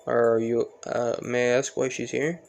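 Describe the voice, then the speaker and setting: A man's voice: mid-range voice, flat delivery, a little slow, vocal fry. A man reading aloud, voicing a cool, blunt teenage boy in a plain way. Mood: calm.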